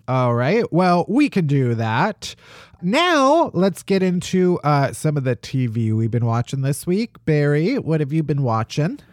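Young male podcast co-host, joking and animated, very lively pitch. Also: a little slow, no echo, clean studio sound. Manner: animated, joking, mimics voices. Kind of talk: casual chat.

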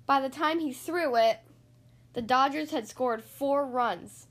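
Reading a picture book for children on her podcast, a woman uses a lively, lilting storytelling voice. Her pitch sits high and her pace is slow.

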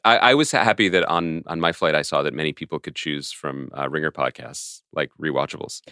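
A man co-hosting a podcast in casual chat, telling stories in an excitable, self-mocking way. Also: a bass voice, brisk, smooth, dry recording, clean studio sound. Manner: animated, excitable storyteller with self-mocking asides. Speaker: podcast co-host.

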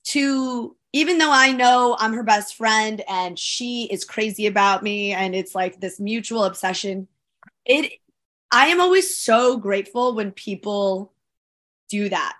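A woman with a bright, forceful voice talks in a relaxed podcast chat. She tells her stories with lively emphasis, leaning into the funny parts. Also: a little high, unhurried. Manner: animated, emphatic storyteller. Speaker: podcast co-host. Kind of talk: casual chat.

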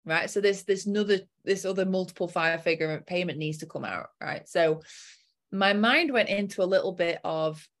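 A woman's voice: lowish voice, moderate pace. A young adult woman coach telling a personal story in a casual chat and acting out her own inner voice.

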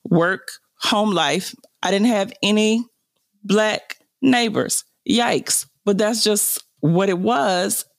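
A woman's voice: mid-range voice, slow pace, creaky, no echo, studio quality. A woman co-hosting a podcast, talking things through in a thoughtful, self-correcting way. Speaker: podcast co-host. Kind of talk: casual discussion.

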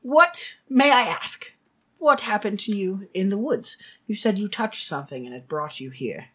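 A woman's voice: medium pitch, animated, moderate pace, a bit bright, husky. A woman voicing a pompous, fussy male doctor who talks down to others in a tabletop game. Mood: condescending. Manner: condescending, calls others dear boy and child. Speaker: game master voicing a character.

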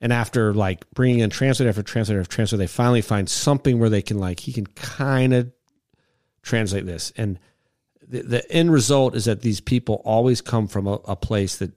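A man's voice: lowish voice, fairly quick, a little mellow, dry recording, studio quality. A man hosting a podcast, telling a story in a rambling, casual way, repeating words and acting out quotes.

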